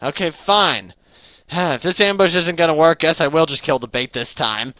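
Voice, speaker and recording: A man's voice: fairly high pitch, moderate pace, pushed and bright, dry recording. Man narrating as game master.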